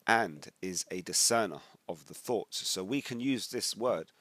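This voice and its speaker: A man's voice: fairly low pitch, expressive, unhurried, fairly bright tone, dry recording. A British man in casual commentary, reading out online comments and then preaching on scripture in a rambling, conversational way with sudden emphatic bursts. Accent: British English. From United Kingdom. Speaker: religious commentator. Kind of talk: casual commentary reading social media posts.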